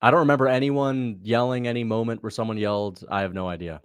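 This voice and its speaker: A young man runs a livestream reacting to fights, speaking in a smooth, medium-pitched voice with fairly even intonation. Loose and talkative, he laughs readily, thanks viewers and reads donations out, and the recording is dry.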